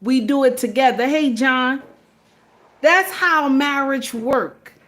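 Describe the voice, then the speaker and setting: A woman's voice: high-pitched, slow pace, fairly bright tone. A woman giving emphatic, preachy casual commentary to her viewers, repeatedly checking in with "okay?".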